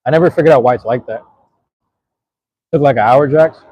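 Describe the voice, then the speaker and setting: A man's voice: mid-range voice, fairly quick, darkish tone, breathy edge, no room sound. A man chatting casually to his live-stream audience while eating, laid-back and slangy, talking to viewers in the chat.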